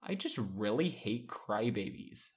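A casually cruel older teenage girl, as a male reader voices her, drawling her jabs slowly. She sounds condescending and dismissive. His natural voice sits low underneath. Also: very animated. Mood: mocking.

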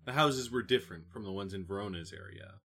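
A man narrating a novel audiobook in a calm, even reading. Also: fairly low pitch, fast talker. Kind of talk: scripted narration.

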